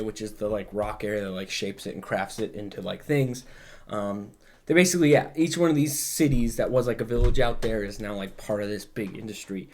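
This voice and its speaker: A man's voice: on the low side, a little mellow. A man hosting a podcast, recapping in casual chat and rambling, with plenty of filler words and swearing. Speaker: podcast host.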